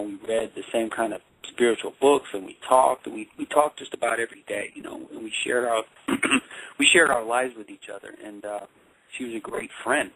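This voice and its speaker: A man working as a life coach and counselor, telling a personal story in a phone interview with halting speech and frequent repeated words. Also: mid-range voice, a bit bright, poor audio.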